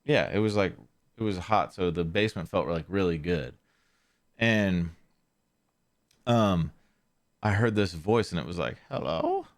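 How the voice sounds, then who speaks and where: A man's voice: low-pitched, a little slow, long pauses. A man hosting a podcast, telling a story in a casual, rambling way with lots of fillers and restarts. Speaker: podcast host.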